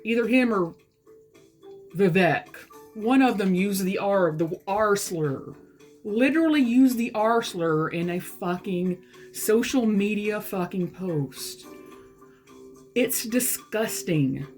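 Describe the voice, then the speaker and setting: A woman's voice: medium pitch, lively intonation, takes it slowly, a little mellow, faint music behind. A woman from the American South with a Southern US accent, talking bluntly and with exasperation in a casual vlog. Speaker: vlogger. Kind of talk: casual talk to camera.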